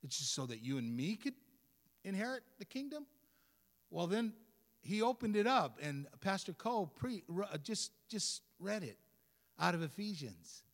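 A man preaching a sermon as a pastor, talking in a conversational, animated way with asides to the congregation. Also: high voice, moderate pace. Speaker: guest pastor. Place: church sanctuary. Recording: long reverb of a church hall.

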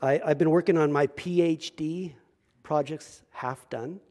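A man preaching a sermon at a church service. He moves from loud, emphatic scripture reading to quiet, joking asides. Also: on the high side, steady tone, a little slow. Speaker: pastor.

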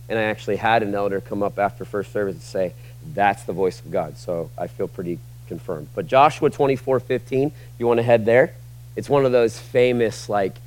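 A male pastor preaching a sermon, swinging between loud emphatic peaks and quiet conversational asides. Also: medium pitch.

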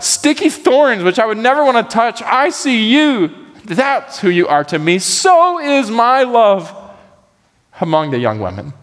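A man preaching a sermon, animated and acting out the voices he quotes. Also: very high voice, big-room sound. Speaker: pastor.

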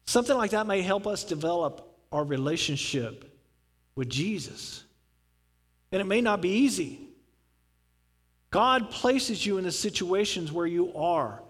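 A man preaching a sermon in a casual, animated storytelling way, acting out dialogue. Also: high-pitched, a little slow, pauses often. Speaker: pastor. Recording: long reverb from a large hall.

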